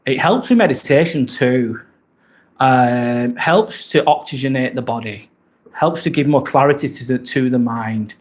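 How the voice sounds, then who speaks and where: English guy chatting on his live stream, mid pitch, answers viewer comments, laid back and rambling. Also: unhurried. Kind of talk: casual live-stream chat. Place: rented apartment indoors.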